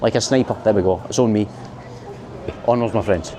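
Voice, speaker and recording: A Scottish man narrates a walking-tour vlog on a night walk down a city street, talking briskly in a lowish voice, chatty and self-mocking. It's recorded on a handheld camera mic with heavy background noise.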